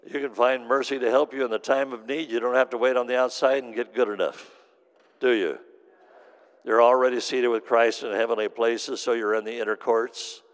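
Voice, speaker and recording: A middle-aged man preaching a sermon as pastor, telling stories and swinging from hushed to loud. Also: mid-range voice, steady tone, moderate pace, smooth. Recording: long hall reverb.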